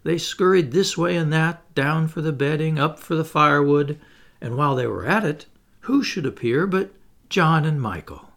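A man reading a children's story aloud in a gentle, expressive narration. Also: on the high side, normal speed, creaky. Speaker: audiobook narrator.

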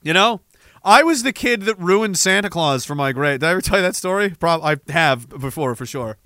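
A middle-aged man from Canada rants through his podcast, sarcastic and profane, mocking his targets. His voice sits high and sounds bright and sharp. The recording is dry and close. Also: lively intonation, moderate pace, no echo. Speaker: podcast host reading listener messages. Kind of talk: casual ranting commentary.

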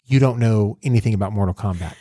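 A man's voice: fairly low pitch, quick pace, warm tone, no echo, clean studio sound. A man hosting a podcast, recapping a movie in casual chat, rambling with lots of fillers and laughs. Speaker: podcast host.

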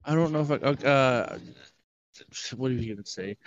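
A man's voice: medium pitch, expressive, moderate pace. A man calling in to a podcast from an airport, sheepish and defensive in casual chat. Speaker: podcast co-host. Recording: dull lo-fi remote line.

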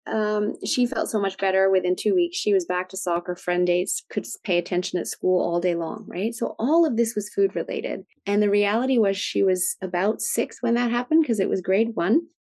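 A middle-aged woman with a warm, mellow voice talks through her points as an interview guest. She explains in a chatty, flowing way and keeps checking in with "right?". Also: medium pitch, normal speed, few pauses. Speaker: guest expert on food sensitivities. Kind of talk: conversational interview.

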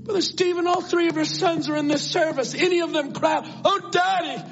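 A male evangelist preaching an impassioned sermon, swinging between loud cries and hushed prayer. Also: very high voice, fairly even intonation, brisk. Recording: dull lo-fi church tape with faint music.

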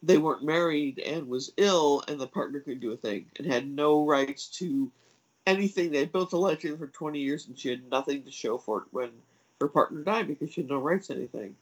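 A woman telling a long personal story in casual chat, hesitant and full of fillers and restarts, jumping up in pitch when she acts out what others said. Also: a little fast, rough recording. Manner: acts out quoted voices with big pitch jumps.

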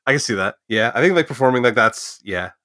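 A man's voice: medium pitch, expressive, fast, sharp tone, no echo, clean studio sound. A man chatting casually, rambling with lots of "like" and frequent swearing. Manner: rambling, swears often, heavy use of "like". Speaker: drummer and comic artist. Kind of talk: casual chat.

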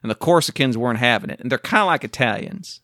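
Man, podcast co-host, lively bright tone, excitable and rambling. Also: medium pitch, fast talker, dry recording, studio quality. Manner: excitable, rambling history explainer. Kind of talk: casual chat.

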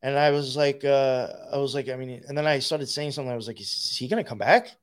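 A man's voice: mid-range voice, fast. Profane New man telling a story. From New York. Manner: profane, rambling, laughs while telling. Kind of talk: casual storytelling.

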